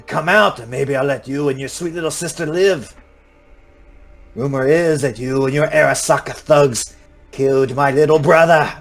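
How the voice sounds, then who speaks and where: A man voicing a vengeful male gang leader who yells threats over a loudspeaker. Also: on the high side, pitched above the performer's own voice. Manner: snarling, threatening, yelling.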